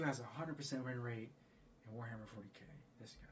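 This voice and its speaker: A man talking casually on a livestream in a rambling, profane, excitable way. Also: medium pitch, quick pace, slight background noise. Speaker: streamer. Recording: dull lo-fi stream audio.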